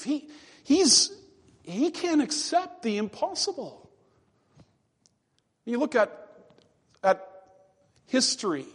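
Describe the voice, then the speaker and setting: A male pastor delivers a sermon in a high, light voice, leaning hard on key words and slowing down to stress them. His voice rings with the long reverb of a church sanctuary. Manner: emphatic preaching with slow, drawn-out stresses.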